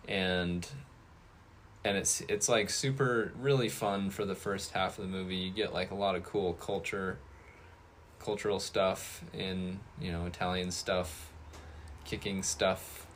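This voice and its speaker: A man with a very low voice co-hosts a laid-back review podcast. He rambles and hesitates, with lots of fillers and false starts as he talks. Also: steady tone, unhurried, a little hiss or hum. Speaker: podcast co-host. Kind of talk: casual movie review chat.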